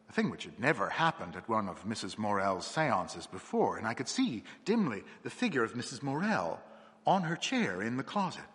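A man narrates a seance tale in a measured, expressive way, his voice bright and lively in pitch. A slight huskiness sits in his tone. The reading carries a long hall reverb. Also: slightly rough. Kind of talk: scripted narration of a ghost story.

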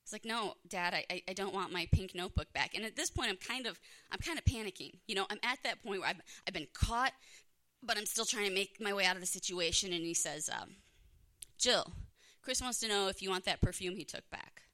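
Young female storyteller, bright forceful tone, candid and self-deprecating, live stage telling. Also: mid-range voice, a little fast. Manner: candid, self-mocking, laughs through hard moments. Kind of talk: live first-person storytelling. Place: live storytelling event before an audience.

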